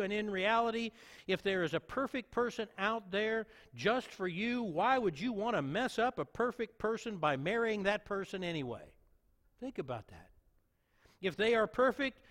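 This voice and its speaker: A man's voice: a little high, fairly bright tone, in a large hall. A man who is a pastor preaching a sermon, earnest, repeating key lines for emphasis.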